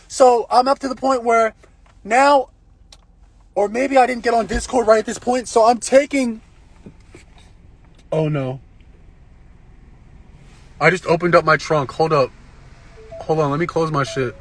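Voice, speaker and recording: High-voiced man rambling on a livestream. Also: unhurried, long pauses. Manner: profane, rambling, excitable. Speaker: live-streamer. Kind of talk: casual live-stream storytelling. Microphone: phone.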